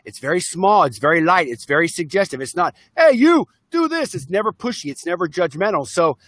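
Over a video call, a self-help speaker and musician chats casually as an interview guest, upbeat and enthusiastic, even acting out voices. His voice is slightly high, fast and fairly bright, and the recording is dry.

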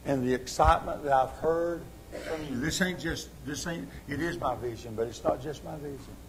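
A man's voice: normal speed, a little hiss or hum, rough recording. Impassioned preacher, man. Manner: impassioned, rising to loud exhortation then dropping low. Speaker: pastor. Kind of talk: sermon. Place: church sanctuary.

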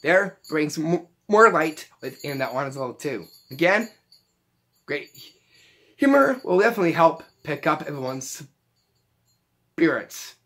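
A man's voice: on the high side, lively intonation, measured pace, pauses often, fairly bright tone. A man hosting a casual magic tutorial, rambling along and often repeating phrases. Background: faint Christmas music.

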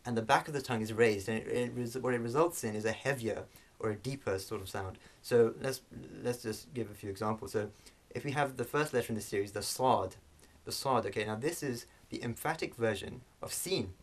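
A man teaching a language lesson, explaining sounds slowly with frequent fillers and restarts. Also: mid-range voice.

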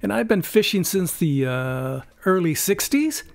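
Rambling man in his seventies, higher voice. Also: lively intonation, vocal fry, dry recording. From California. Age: 70s. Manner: rambling, many filler pauses, chuckles. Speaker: YouTube product reviewer. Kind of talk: casual unboxing review.

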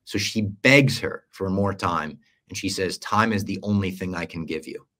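A man's voice: deep voice, moderate pace. A young man on a casual podcast, recapping a series at length and acting out quoted lines along the way. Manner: animated storyteller, acts out quoted lines. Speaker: podcast co-host.

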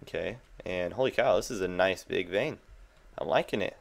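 Deep and gravelly, this young man's voice moves at normal speed as he hosts a gaming video, keyboard clicks in the background. He's chatty and self-amused, jumping in reaction to the game.

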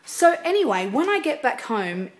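A chatty woman records a casual video blog from a theatre dressing room. She rambles easily, filling the gaps with "um" and "yeah." Her voice sits at an ordinary, mid-range pitch. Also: sing-song, normal speed. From Australia. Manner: chatty, rambling, lots of fillers. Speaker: singer.

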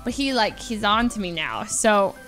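A woman's voice: medium pitch, expressive, normal speed, fairly bright tone, soft background music. A young adult woman streamer telling a story casually and animatedly, laughing often and stretching words for emphasis.

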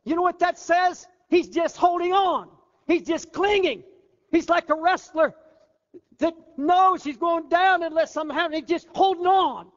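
High-voiced older preacher in a reverberant hall. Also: male voice, moderate pace. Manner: fervent preaching, drops low and quiet for the voice of the flesh. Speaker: pastor. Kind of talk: sermon. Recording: muffled hall recording with long reverb.

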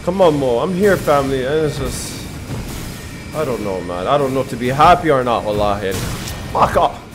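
A man's voice: expressive, normal speed. Exasperated young man muttering over gameplay. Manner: exasperated, swings between low mutters and loud outbursts. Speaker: gaming streamer. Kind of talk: live gameplay commentary. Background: game music.

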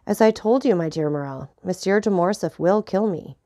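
A woman voicing a grave, vengeful nobleman who speaks in a measured, solemn way. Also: medium pitch, mellow, close to an everyday voice.

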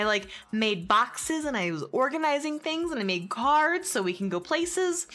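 Chatty woman streamer, bright voice. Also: fairly high pitch. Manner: chatty, swearing, laughing often, reads chat aloud. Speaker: gaming streamer. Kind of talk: casual stream chat with viewers.

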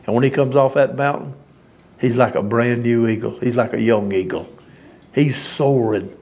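A man's voice: mid-range voice, moderate pace, a little mellow. A man preaching an informal sermon, folksy and emphatic, often laughing at his own lines.

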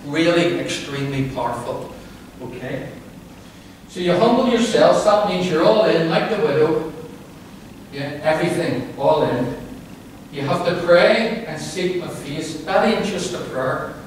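A male pastor preaching a lively sermon, playful and calling on the congregation to answer back. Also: fairly high pitch, a little slow, slight background noise. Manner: playful, with call-and-response to the congregation. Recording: very echoey hall, voice from far off.

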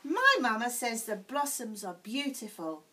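A woman voicing an eager, bubbly young girl giraffe for a storybook, speaking in a high, excited voice. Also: measured pace, full character voice.

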